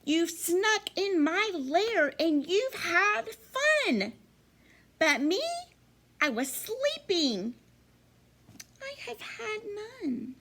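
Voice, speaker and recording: A woman voicing a big, lonely male bear who whimpers his complaint in a high, wailing voice. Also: big pitch swings, extremely slow, long pauses, sharp tone, heavily acted. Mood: weepy.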